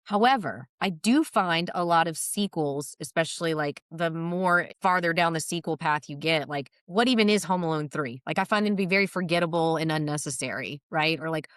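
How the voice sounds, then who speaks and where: A talkative woman with a somewhat low voice, chatting as a podcast guest. She ticks off her points one by one and keeps checking in with her listener. The sound is dry and close, with no room around it. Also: brisk, few pauses, a bit bright, clear, resonant tone, dry recording. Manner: chatty, lists points, uses "right?" often. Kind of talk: casual podcast conversation.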